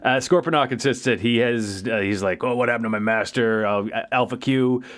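A man's voice: mid-range voice, brisk. A man co-hosting a casual podcast, recapping a cartoon episode and acting out characters' lines in goofy voices. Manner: animated, acts out characters' lines in funny voices. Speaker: podcast co-host.

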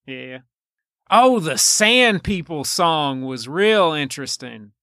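A man hosting a podcast in casual chat, telling rambling, drawn-out stories. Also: a little high, very animated, a bit bright, no echo, studio quality. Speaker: podcast host.

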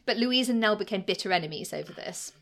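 Woman, casual podcast co-host, chatty, lots of fillers, mid pitch. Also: expressive, fast talker, fairly bright tone. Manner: chatty, laughs often, many "like" fillers. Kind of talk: casual history chat.

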